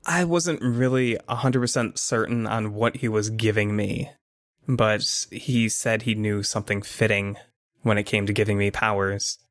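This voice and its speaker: A man's voice: on the low side, fairly even intonation, measured pace, dry recording, clean studio sound. A man voicing a teasing, streetwise teenage girl in a tabletop game, with a lazy, sly drawl. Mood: blunt. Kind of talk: tabletop actual-play character voice.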